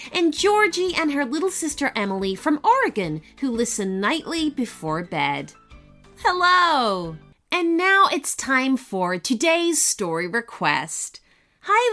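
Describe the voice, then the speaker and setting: A woman narrating a bedtime story for children, slow and soothing. Her fairly high voice swoops up and down with lively expression. She reads in a warm, storybook manner meant for young listeners. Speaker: podcast host and storyteller.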